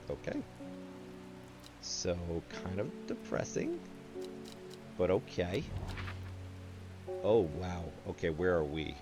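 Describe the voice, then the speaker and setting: A man's voice: deep voice, wildly swooping pitch, takes it slowly, long pauses, muffled recording. A man reviewing a puzzle game, thinking aloud in let's-play commentary with musing asides and restarts, with game music playing behind.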